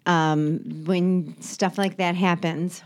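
A woman's voice: lowish voice, fairly even intonation, takes it slowly, darkish tone. A woman with a Southern American accent, co-hosting a casual chat as a parent who laughs easily. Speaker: podcast co-host, parent.

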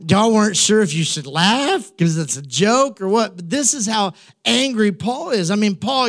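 High-voiced animated preacher man. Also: normal speed. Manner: animated preaching, rising to shouts, humorous asides. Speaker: pastor. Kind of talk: sermon.

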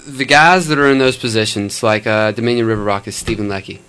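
A man guesting on a podcast as a band member, relaxed and friendly in casual chat. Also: on the low side, fast talker, clean tone.

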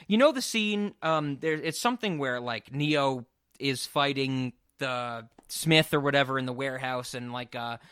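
A man co-hosting a casual film podcast, excitable and rambling, swearing freely as he talks. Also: medium pitch, clear, resonant tone, no echo, studio quality. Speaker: podcast co-host.

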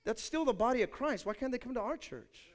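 A male pastor with a very high, expressive voice preaches a little fast. He addresses his congregation directly and emphatically, swinging from quiet asides to loud declarations.

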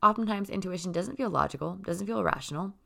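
Woman, low voice with vocal fry, earnest self-help speaker, chatty. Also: fast, pushed and bright. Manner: earnest, conversational, lots of "like" and "right?". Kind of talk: casual motivational talk.

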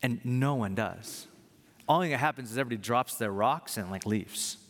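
A man's voice: medium pitch, brisk, fairly bright tone. A man preaching a sermon in an earnest way, building to emphatic points. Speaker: pastor. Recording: long reverb of a large hall.

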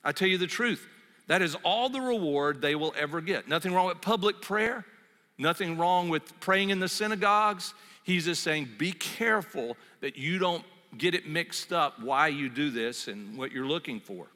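A pastor man preaching with a somewhat high, bright, edged voice. He talks in a relaxed, storytelling way full of asides. The sound carries a long reverb from a church hall. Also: moderate pace. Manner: conversational, storytelling with asides and fillers. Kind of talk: sermon.

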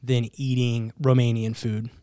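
A man, hosting a casual podcast chat and telling stories in an upbeat, animated way. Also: medium pitch, measured pace, clear, resonant tone, dry recording, clean studio sound. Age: 30s. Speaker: podcast host.

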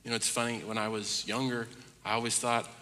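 Pastor guy preaching in a big echoey hall, really bright voice, goes quiet then builds loud. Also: medium pitch, flat delivery, fairly quick. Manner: dynamic preaching, drops to hushed asides and builds to loud emphatic runs. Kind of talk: sermon. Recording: long reverb of a large hall.

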